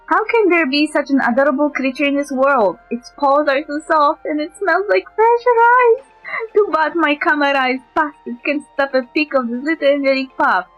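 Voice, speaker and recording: A woman streamer who is a native Polish speaker reads game dialogue aloud, switching between character voices. Her voice sits high and a bit bright, at normal speed. The dull lo-fi mic picks up music playing behind her.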